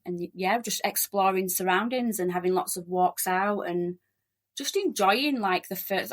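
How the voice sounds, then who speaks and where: A middle-aged woman from Leeds with a strong Yorkshire accent, chatting quickly and cheerfully as a podcast guest. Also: on the low side. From Leeds, West Yorkshire, England. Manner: quick-talking, chatty, laughs often. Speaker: podcast guest, relocation agent. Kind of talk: casual interview chat.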